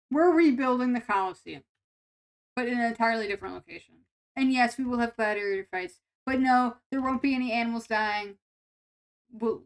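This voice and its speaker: A young woman streamer with a nasal voice, chatting casually and rambling with her viewers, full of restarts and giggles. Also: a little high. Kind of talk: casual live-stream chat with chat.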